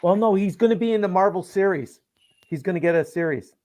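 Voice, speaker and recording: Male panelist, high voice, eager chat. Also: a little fast, a little mellow. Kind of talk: casual chat.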